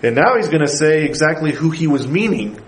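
A man with a high voice preaches a sermon to his congregation in church. He builds to emphatic bursts and often stops to ask the congregation questions. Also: expressive, fairly quick, poor audio. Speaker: pastor.

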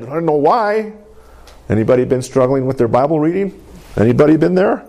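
A man preaching a sermon in an animated call-and-response manner, often asking for an amen and laughing. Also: fairly high pitch, quick pace. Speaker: pastor.

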